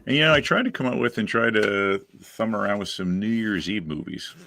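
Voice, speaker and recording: A man hosting a casual movie chat, enthusiastic and quick to laugh. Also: fairly low pitch, gravelly, sharp tone. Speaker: podcast host.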